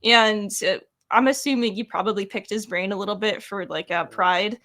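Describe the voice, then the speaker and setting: Upbeat chatty woman hosting a podcast, laughs easy, middle pitch voice. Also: steady tone, normal speed, pushed and bright. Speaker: podcast host. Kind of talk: casual interview chat.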